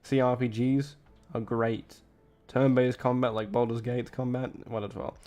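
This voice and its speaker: A man's voice: mid-range voice, level tone, normal speed, mellow, faint music behind. A tired man streaming and reacting to a clip, rambling and blunt in casual commentary, cursing freely.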